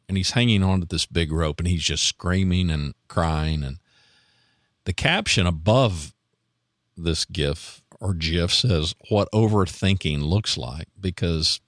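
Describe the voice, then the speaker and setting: A deep-voiced man talks through his thoughts as a podcast host, rambling and self-deprecating, restarting sentences and chuckling at himself. His voice sits very low, recorded dry and close with no room sound. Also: fairly bright tone, no echo. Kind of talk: casual reflective monologue.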